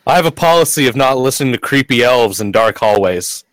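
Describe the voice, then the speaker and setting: A man's voice: mid-range voice, expressive, fairly quick, dry recording, low-quality recording. A man playing a tabletop game with friends over a voice call, giving wry, in-character remarks. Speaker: player. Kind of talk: casual tabletop game chat.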